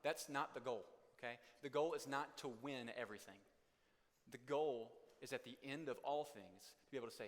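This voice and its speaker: A young man delivers a sermon in a casual, conversational way, every so often acting out both sides of a couple's argument. His voice sits at a middling pitch. It rings with a long reverb, as if heard in a large hall. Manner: conversational preaching, acts out couples' arguments in quick bursts. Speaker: pastor. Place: church hall.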